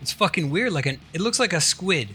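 A man's voice: sits high, lively intonation, a little fast, pushed and bright, husky, soft background music. A man co-hosting a podcast, easygoing and laughing often in loose, swearing chat. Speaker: podcast co-host. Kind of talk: casual profane chat.

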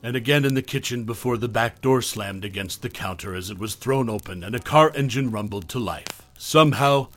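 A man reading a first-person horror story aloud in a measured, low-key way. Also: dry recording.

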